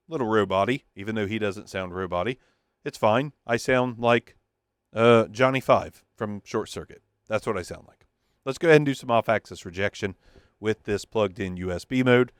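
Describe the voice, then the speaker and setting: A man with a low voice talks through a microphone review in a casual, joking way, working things out aloud as he goes. The sound is dry and close, with no room echo behind him. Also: smooth. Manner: joking, thinking aloud as he tests. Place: home recording studio. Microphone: testing a handheld wireless mic.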